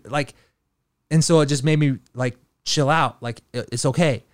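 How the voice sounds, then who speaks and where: A man's voice: a little high, normal speed, smooth, no room sound, clean studio sound. A man hosting a podcast, telling a rambling casual story full of fillers and swearing. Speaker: podcast host.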